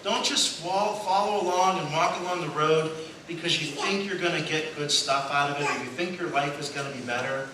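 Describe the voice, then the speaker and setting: Delivering a sermon a little fast and in a slightly high voice, this male pastor tells amusing tales. He voices the characters in his quotes and laughs at his own jokes. The audio is from a church sanctuary, echoey, distant, and noisy.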